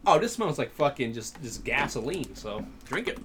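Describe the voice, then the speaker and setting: Male podcast co-host, crude rambler, average pitch, casual chat. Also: big pitch swings, normal speed, fairly bright tone, slight background noise. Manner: crude, rambling, laughs often.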